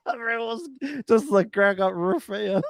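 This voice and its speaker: Laughing New man, slightly high. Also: normal speed, gravelly, smooth, dry recording, studio quality. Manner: relaxed, laughs a lot, mixes in Māori words. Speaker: podcast co-host. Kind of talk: casual chat.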